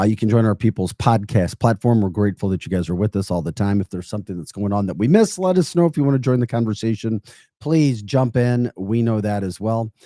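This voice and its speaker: A man co-hosting a political talk podcast, upbeat and animated, laughing often as he talks. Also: on the low side, no room sound, clean studio sound. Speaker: podcast co-host.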